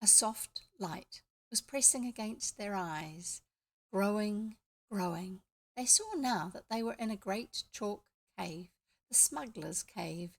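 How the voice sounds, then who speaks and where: A woman's voice: mid-range voice, slow. A woman with a New Zealand accent reading a classic children's book aloud, with chatty asides. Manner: lively storytelling with chatty asides. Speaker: audiobook reader.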